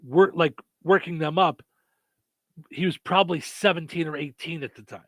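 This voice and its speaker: A man's voice: a little high, normal speed, fairly bright tone, no room sound. A man hosting a radio morning show, chatting casually with many fillers and restarts. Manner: rambling, lots of fillers and restarts.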